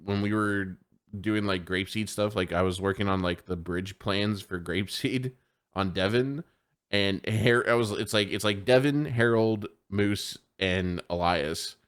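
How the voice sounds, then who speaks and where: A man's voice: on the low side, measured pace, clear, resonant tone. A man co-hosting a podcast, chatting casually and telling stories, acting out voices and swearing a lot. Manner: animated storyteller, swears often, acts out voices. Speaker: podcast co-host. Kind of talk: casual chat.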